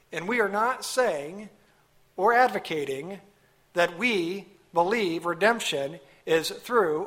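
A man's voice: sits high, sharp tone. A man preaching a sermon, emphatic, asking rhetorical questions and stressing key words. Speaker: pastor.

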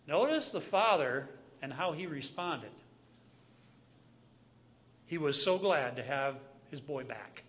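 A man delivers a sermon with a lively, up-and-down pitch that climbs high on his key lines. His voice is bright and fairly high for a man. He leans hard on repeated phrases and drops to near-quiet asides between louder declarations. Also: slow, long pauses. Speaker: preacher.

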